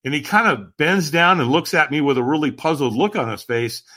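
A man, a podcast guest, telling a personal story in animated conversation, emphatic and acting out what others said. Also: a little high, a little fast. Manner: acts out quoted voices, emphatic.

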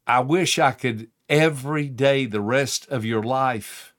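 A man's voice: mid-range voice, fairly bright tone. A middle-aged man hosting, giving an earnest motivational talk full of stories and pleading emphasis. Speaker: speaker and host.

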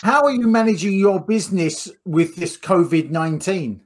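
A host introducing an exhibitor and asking brisk, scripted questions. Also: medium pitch, lively intonation. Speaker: interviewer. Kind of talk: online interview.

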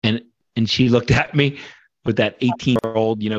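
A man's voice: on the low side, fairly even intonation, normal speed, slightly rough, no echo, lo-fi sound. A man in his forties, a podcast guest, talking passionately and a bit preachy about self-worth. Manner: passionate, preachy, casual swearing. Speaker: guest, workshop leader. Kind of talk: motivational podcast conversation.

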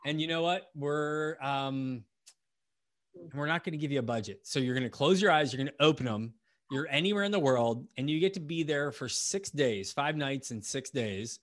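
A man's voice: on the high side, lively intonation, moderate pace, fairly bright tone. A man from the United States hosting a casual podcast interview, talking in a chatty, rambling way with many restarts. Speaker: podcast host.

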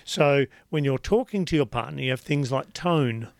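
Man, radio host, casual chat, slow deliberate explaining, mid-pitched, dry close mic. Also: expressive, creaky, dry recording. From Australia. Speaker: relationship show host.

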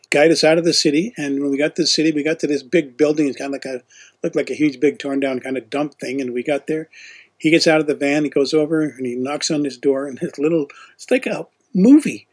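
A man's voice: on the high side, slightly rough. A man telling a long, rambling travel story in a casual way, acting out what people said. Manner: rambling anecdotal storyteller, voices quoted people. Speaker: former teacher leading a student trip.

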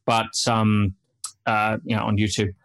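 A man's voice: on the low side, level tone, measured pace, a bit bright. A man speaking as an interview guest, telling stories animatedly and dropping in frequent "yeah"s and "you know"s. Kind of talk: interview storytelling.

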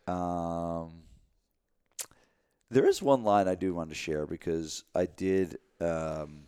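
A man in his thirties in casual chat, telling a story with many halting restarts. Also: sits low, dark tone, clean tone.

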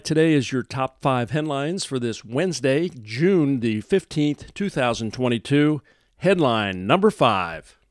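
A man's voice: medium pitch, no echo, studio quality. A man hosting a news commentary podcast in a folksy, emphatic way, full of "uh" fillers. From American Midwest. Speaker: podcast host.

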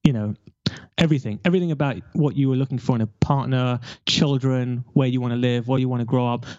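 A man's voice: mid-range voice, steady tone, fast, darkish tone, no echo. Candid man telling his story, dull lo-fi. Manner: candid, rambling with restarts. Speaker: guest. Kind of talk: casual storytelling over a call.

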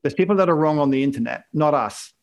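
Gravelly-voiced man chatting casually. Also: fairly high pitch, expressive, fast. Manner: joking, rambling, laughs often. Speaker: podcast co-host. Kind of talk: casual chat.

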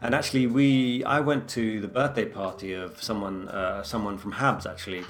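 A man, telling a story in a lively, casual chat. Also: lowish voice, normal speed, soft background music. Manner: animated storyteller.

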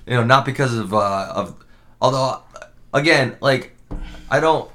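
A man's voice: medium pitch, a little slow, a bit bright. A man co-hosting a podcast, bantering loosely, rambling with restarts and frequent laughs. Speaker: podcast co-host. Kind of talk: casual banter.

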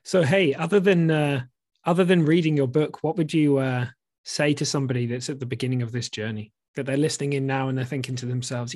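A man co-hosts a podcast and puts a long question to his guest, pausing and searching for words. His voice is mid-pitched and plain. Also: steady tone, a little mellow, no echo, studio quality. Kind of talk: interview questions.

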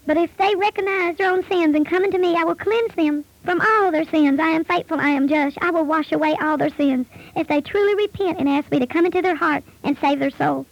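A woman voicing a gentle, solemn male divine speaker in a measured, consoling manner. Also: extremely high pitch, gravelly, no room sound, lo-fi sound.

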